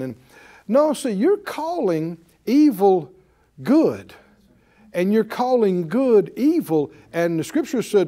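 An animated male preacher with a high, lively voice that swings up and down. He delivers his sermon in a slow, deliberate pace, emphatic and folksy, repeating his key words with a ready chuckle. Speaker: Bible teacher.

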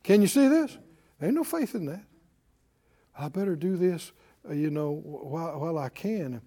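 A middle-aged man preaching a sermon, calling out to his congregation and swinging between loud declarations and quiet asides. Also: on the high side, lively intonation, normal speed. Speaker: pastor.

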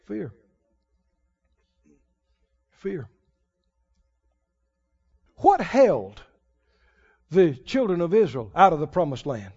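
A man preaching a sermon, swinging from loud declarations to hushed, quiet lines. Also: sits high, big pitch swings, drawn-out words, pauses often, slightly rough, in a large hall. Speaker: pastor. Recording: dull lo-fi sermon recording.

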